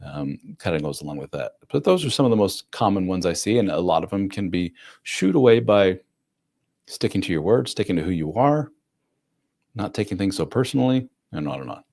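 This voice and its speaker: A man's voice: sits low, very animated, gravelly, darkish tone. A man hosting a live advice stream, talking bluntly and conversationally with mild swearing, often acting out what other people say. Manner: acts out other people's lines in quick voices.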